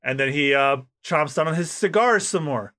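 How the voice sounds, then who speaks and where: Excitable high-voiced man. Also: normal speed. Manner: excitable, stumbling restarts. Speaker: podcast co-host. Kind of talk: casual chat reading a comic.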